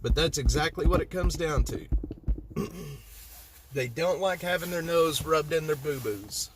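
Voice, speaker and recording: Man, livestream host, fired-up, rambling, slightly high voice, talking from his car. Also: animated, measured pace, noisy background. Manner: rambling and heated, repeats himself. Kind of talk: livestream chat reading viewer comments. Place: inside a vehicle.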